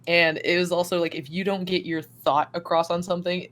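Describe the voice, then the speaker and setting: A young woman telling stories as a podcast guest in casual chat, animated and laughing often, acting out the people she quotes. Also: lowish voice, fairly quick, slight background noise.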